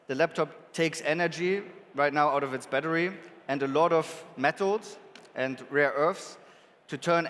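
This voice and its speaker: A man with a German accent speaks from a conference stage, easygoing and joking, with plenty of ums. His voice sits a little high for a man. It rings with a long reverb from a large hall. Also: fairly bright tone. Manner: casual, joking, many filler ums. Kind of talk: conference talk.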